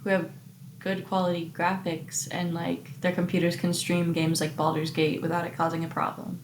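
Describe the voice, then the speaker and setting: A woman's voice: lowish voice, flat delivery, normal speed, slight background noise. A woman co-hosting a casual podcast, talking in a playful, unsure way with rising, pleading questions. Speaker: podcast co-host.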